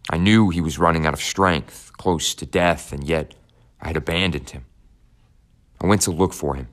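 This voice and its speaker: This is scripted audiobook narration of a first-person story, read by a man whose voice is extremely deep. He keeps a slow, even pace and a grave, measured tone.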